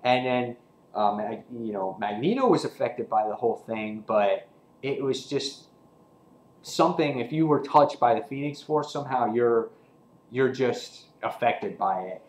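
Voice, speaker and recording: A man casually reviewing a comic book, excited and rambling, with lots of fillers and restarts. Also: medium pitch, a little slow, reverberant, low-quality recording.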